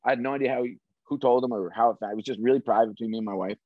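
A middle-aged man, a former sports executive, telling stories as an interview guest in an animated, restarting way. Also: mid-range voice, rapid-fire, no echo. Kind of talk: casual interview storytelling. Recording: dry, slightly dull audio.

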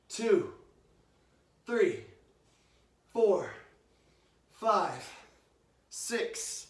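A man leading a live-streamed home workout, chatting and counting reps aloud in a coaching manner. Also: high-pitched. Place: indoors at home. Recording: echoey room.

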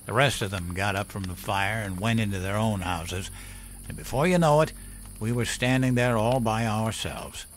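A man voicing a gruff old male storyteller who drinks, talking in a folksy, profane, chuckling way. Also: fairly low pitch, moderate pace, slight background noise, voice pushed up, close to an everyday voice. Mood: gruff storytelling.

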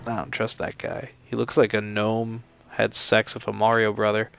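A man's voice: lowish voice, monotone, moderate pace, vocal fry, fairly bright tone. A man hosting a game playthrough, telling stories and reacting in a rambling, laughing way, swearing often. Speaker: let's play host. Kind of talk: casual gameplay commentary.

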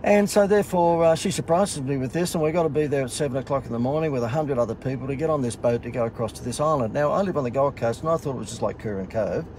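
A man's voice: medium pitch, quick pace, few pauses, darkish tone, slight background noise. Wry Australian man telling a story. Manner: wry, sarcastic, self-mocking. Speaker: host. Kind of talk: casual storytelling.

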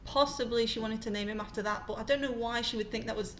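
A woman's voice: a little high, quick pace, a little hiss or hum. British woman telling a story. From Britain. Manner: animated storytelling, acts out quoted voices. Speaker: podcast co-host. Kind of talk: casual chat.

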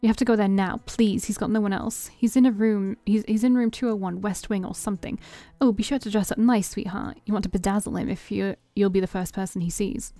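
A woman's voice: medium pitch, fairly even intonation, brisk, few pauses, warm tone, no echo, soft background music, lightly acted. A woman voicing a flamboyant, doting rich woman with a gushing, theatrical manner, in a game read aloud. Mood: urgent. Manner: gushing, theatrical, calls people sweetheart.

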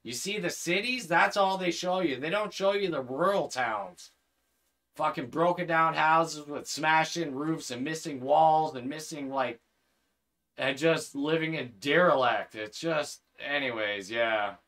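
A man's voice: a little high, a little slow, fairly bright tone. A man hosting a gaming livestream, talking casually into a headset and ranting with heavy swearing. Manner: profane, heated ranting.

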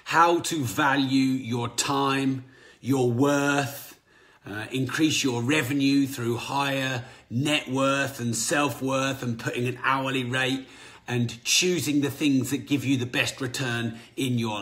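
Energetic man hosting a podcast. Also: mid-range voice, slow pace. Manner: energetic, conversational, self-correcting. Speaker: podcast host. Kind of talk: motivational business talk.

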